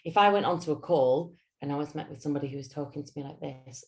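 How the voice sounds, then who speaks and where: A woman with a Yorkshire accent giving a lunch-and-learn talk as a public speaking coach, animated and theatrical, her voice swinging up and down. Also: low-pitched, fast talker, few pauses.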